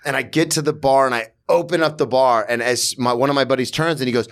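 A man's voice: mid-range voice, quick pace. A young man from Florida, a comedian, in casual podcast chat, telling rambling stories and laughing through them.

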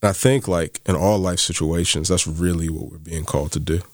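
Deep-voiced earnest man on a podcast. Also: fairly even intonation, fairly quick, no echo, clean studio sound. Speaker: podcast co-host. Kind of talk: casual faith discussion.

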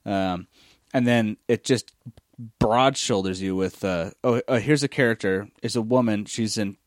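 Casting: low-pitched man, critical podcast co-host, dry close sound. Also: unhurried, no echo. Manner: animated, critical, lots of fillers and restarts. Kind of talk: casual chat, comic book review.

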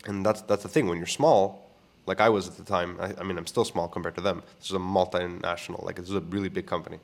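A man's voice: low-pitched, flat delivery, fast, gravelly. A young man hosting a podcast, telling candid stories about clients in a casual, profane way with frequent restarts. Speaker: podcast host. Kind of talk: casual storytelling monologue.

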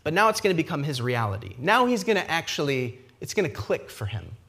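Man, pastor, sermon, slightly high voice, very animated pitch, conversational asides, acts out characters. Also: a little fast. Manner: lively expository preaching, frequent asides with "right?".

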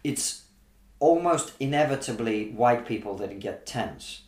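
A man's voice: mid-range voice, unhurried, roomy sound. A comedian from Russia talking in a casual conversation, arguing his point with lots of rhetorical questions. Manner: animated, argumentative, rhetorical questions. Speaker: comedian guest.

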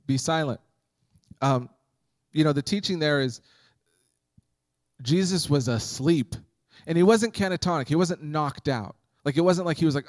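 A man's voice: on the high side, darkish tone, no room sound. A man preaching a sermon as pastor, conversational and humorous, acting out Bible scenes.

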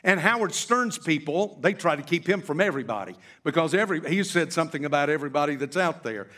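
Preacher man retelling a story slowly. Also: fairly high pitch, animated, sharp tone. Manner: storytelling, stretches key words slowly for emphasis. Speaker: pastor. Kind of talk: sermon.

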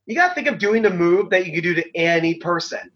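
Middle-aged ex-wrestler guest, high-pitched man, rambling and filler-heavy, dull lo-fi sound. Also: animated, fast. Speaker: former pro wrestler, guest. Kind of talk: casual storytelling.

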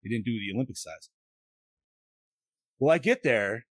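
A man's voice: medium pitch, normal speed, no echo. A man in his late thirties hosting a podcast, telling stories in casual chat, swearing often and acting out quotes. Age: 30s. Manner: profane, animated storytelling with acted-out quotes. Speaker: podcast host.

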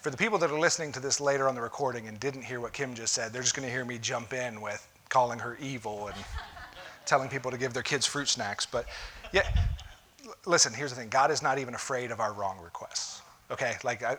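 A pastor in church delivers a conversational sermon with a bright, ringing tone. He speaks emphatically and keeps driving his points home with "listen". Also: medium pitch, quick pace.

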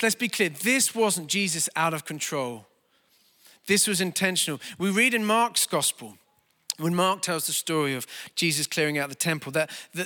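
A man's voice: high voice, sharp tone, big-room sound. A middle-aged man preaching a sermon, telling stories with conversational asides and self-deprecating humor. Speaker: pastor.

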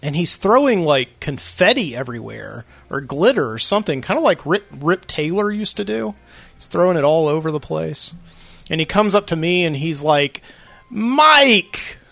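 A podcast host talks alone in his studio, spinning a loose story full of filler words. His voice is bright and a touch high. The sound is dry, with faint music underneath. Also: animated, moderate pace, gravelly, no room sound. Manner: rambling storyteller, lots of fillers. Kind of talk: late-night solo monologue.

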